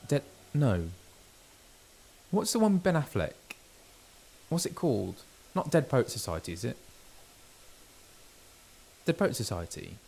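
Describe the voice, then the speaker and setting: A male voice actor chatting casually while streaming a game, animated and chatty, often stopping and restarting mid-sentence. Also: medium pitch, a little slow, gravelly, pauses often, husky. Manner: chatty, animated, self-interrupting. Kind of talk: casual gameplay chat.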